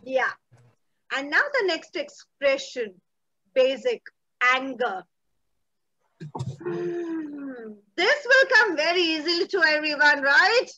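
Lady running a kids drama class on a video call, really high voice, playful and coaxing. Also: animated, slow, long pauses, bright, forceful tone, highs cut off. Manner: playful, coaxing, uses endearments. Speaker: theatre workshop instructor. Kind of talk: online children's drama class.

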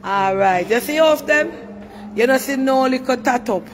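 A woman's voice: high-pitched, animated, normal speed. A Jamaican woman hosting an emotional live chat, fighting tears and praising God as she talks to her viewers. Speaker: live-stream host. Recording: long reverb, loud crowd behind.

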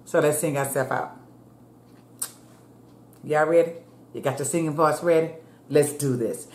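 A woman's voice: deep voice, measured pace, long pauses, a little mellow. A woman food vlogger chatting casually to her viewers while eating, calling them y'all. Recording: echoey room with faint ambience.

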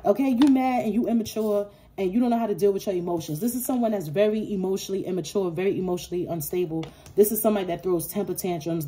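A woman giving a casual tarot reading, blunt and profane, acting out imagined quarrels in an animated way. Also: on the low side, slight background noise. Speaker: tarot reader.

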